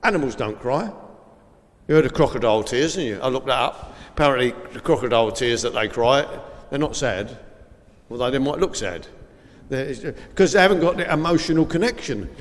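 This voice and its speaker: In a long, reverberant hall, a man gives an informal school assembly talk, chatty and rambling with lots of fillers, and reads aloud from the Bible. His voice is medium-pitched, expressive and brisk.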